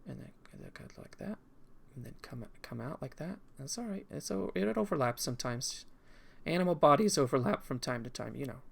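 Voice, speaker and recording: A man's voice: a little high, gravelly, fairly bright tone. A man streaming a video game in casual commentary, rambling and talking to himself as he goes. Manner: rambling, talks to himself while drawing.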